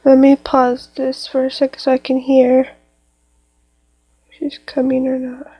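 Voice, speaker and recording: A woman's voice: high-pitched, monotone, measured pace, dark tone, husky, dry recording, low-quality recording. Jumpy woman narrating a horror game. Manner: jumpy, exclaiming, talks to viewers. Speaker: gamer.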